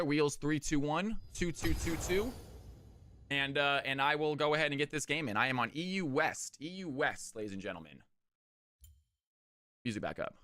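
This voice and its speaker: A man casting viewer games live on his stream in an energetic, hyped-up way, recorded at home on a close desk mic. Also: fairly high pitch, no room sound. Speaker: streamer and caster.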